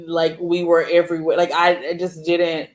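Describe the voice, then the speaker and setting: A woman, hosting a casual conversation and telling stories in a relaxed way. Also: on the low side, normal speed. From Louisiana, USA. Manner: relaxed storytelling, frequent "like" fillers. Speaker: host.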